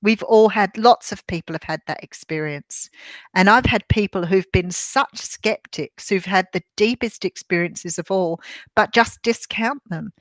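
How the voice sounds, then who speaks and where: An older Australian woman chats to her live-stream viewers about her readings. She rambles along with plenty of ums and restarts. Her mid-pitched voice is recorded close and dry, with no room echo. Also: a little slow, fairly bright tone. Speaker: tarot reader and medium hosting a live stream. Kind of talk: casual live-stream chat. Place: a room at home.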